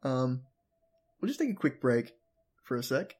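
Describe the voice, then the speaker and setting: A woman's voice: a bass voice, very animated, unhurried, darkish tone. A young adult woman hosting a podcast, recapping an episode bluntly with swearing and mockery. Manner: blunt, swears, mocking, does funny voices. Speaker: podcast host.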